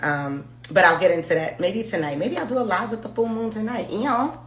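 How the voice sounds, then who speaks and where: A woman's voice: medium pitch, fairly quick. Chatty woman tarot reader, echoey room. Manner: chatty, frank, swears and laughs freely. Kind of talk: casual tarot reading.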